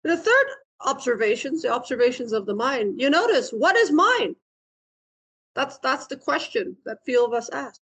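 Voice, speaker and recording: A woman's voice: high-pitched, sing-song, normal speed, a bit bright, breathy edge. A woman giving a dharma talk, playful, laughing often and asking questions of her listeners. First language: Vietnamese. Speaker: meditation teacher and therapist.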